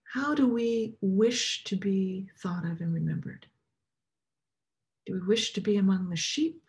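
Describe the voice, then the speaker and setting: A woman preacher tells a story as part of a sermon, reading with expressive shading. Her voice sinks at times to a near whisper. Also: medium pitch, a little slow.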